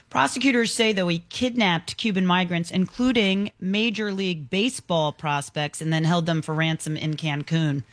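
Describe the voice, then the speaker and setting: A woman's voice: lowish voice, no room sound. Fifty-something woman reading local news. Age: 50s. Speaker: news anchor. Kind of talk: morning news reading and banter.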